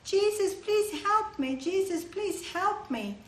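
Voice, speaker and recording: A woman's voice: extremely high pitch, expressive, slow, fairly bright tone, roomy sound, distant mic, a little hiss or hum, pitched above the performer's own voice, heavily acted. A woman doing a desperate blind man calling out. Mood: pleading. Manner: pleading, raised and insistent. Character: desperate blind adult man begging for help.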